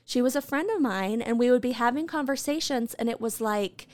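A woman's voice: fairly high pitch, a little fast, a little mellow, no echo. A woman co-hosting a podcast in casual chat, reading out listener stories and laughing often. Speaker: podcast co-host.

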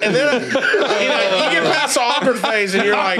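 A man's voice: high-pitched, normal speed, a loud crowd. A man telling a long funny story on a podcast, acting out the people in it and laughing often. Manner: animated storyteller, acts out the people in his tale, laughs often. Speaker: podcast cast member and storyteller. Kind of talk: casual storytelling chat.

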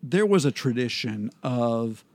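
A man hosting a casual Bible study chat, explaining scripture in a relaxed way with frequent ums and restarts. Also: medium pitch, unhurried, no echo.

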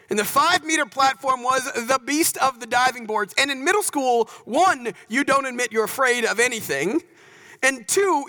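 A man from North Texas speaking to an audience, telling stories in an animated, conversational way and often checking in with "right?". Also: very high voice, low-quality recording. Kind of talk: storytelling talk.

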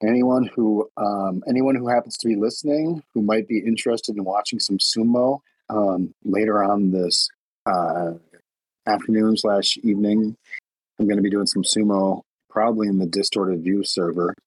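A man's voice: on the low side, fairly even intonation, moderate pace, slightly rough, no room sound, rough recording. A man co-hosting a casual podcast in an easygoing, laid-back way. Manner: easygoing, laid-back, plugs an upcoming stream. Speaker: podcast co-host.

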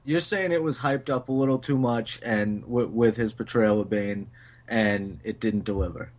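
A man's voice: on the low side, moderate pace. A man co-hosting a movie podcast, laid-back and profane, calling his co-host "dude". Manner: laid-back, swears, says "dude" a lot. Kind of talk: casual movie review chat.

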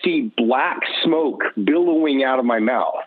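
A man telling his personal testimony as a guest, animated and self-mocking, acting out his own thoughts. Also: mid-range voice, unhurried. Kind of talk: personal storytelling. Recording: tinny phone line.

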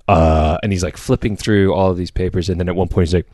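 A young man with a low voice rambles through a casual podcast chat, restarting his sentences and laughing often. The recording is dry and close to the mic. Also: fairly even intonation, fast, dark tone, no echo. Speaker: podcast co-host.

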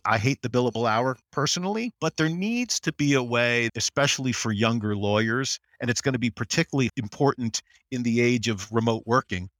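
A middle-aged American man, a general counsel as interview guest, talking in an animated way and acting out quotes. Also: no echo, clean studio sound. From United States. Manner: animated storyteller, acts out quotes in higher voice. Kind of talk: conversational interview.

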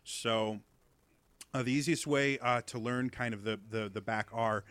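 A man's voice: medium pitch, fairly even intonation, a little slow, fairly bright tone, smooth, no room sound. A man guesting on a podcast, explaining accents in a rambling, casual way full of ums and uhs.

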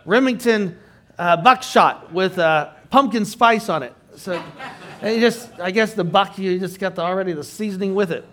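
A man's voice: high-pitched, normal speed, sharp tone. A middle-aged male pastor preaching a sermon in a conversational way, with joking asides.

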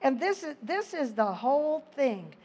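A woman's voice: high voice, big pitch swings, measured pace, a little mellow. A woman giving an earnest Bible teaching, reading scripture aloud with her own asides. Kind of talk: sermon.

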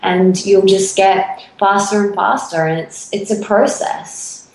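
A woman of middle pitch chats on a podcast with animated energy, acting out her reactions as she tells a story. Her voice carries the ring of an echoey room. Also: measured pace. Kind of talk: casual podcast chat.

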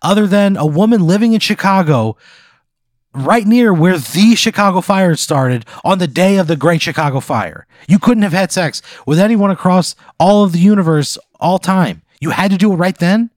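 A man's voice: sits high, expressive, normal speed, no echo, clean studio sound. Indignant, swearing man ranting. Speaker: podcast co-host. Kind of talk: comedic podcast banter.

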